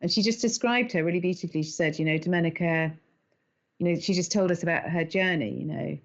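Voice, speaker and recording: A middle-aged woman, an animated storyteller who laughs often as a podcast guest. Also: fairly low pitch, fast talker, highs cut off. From England. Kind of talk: conversational interview.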